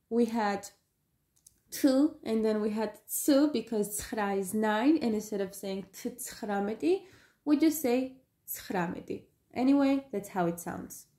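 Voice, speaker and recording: A woman teaching a language lesson in a patient, explanatory way. Her voice is mellow and sits a little high. The room is echoey. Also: expressive, slow.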